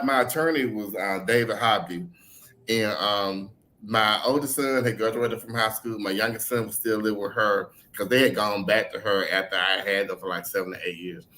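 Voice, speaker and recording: With a fairly low voice at a normal pace and a bit of hiss or hum in the background, a middle-aged writer shares personal anecdotes in an interview. He's candid and lively, voices what others said, drops casual swear words and laughs.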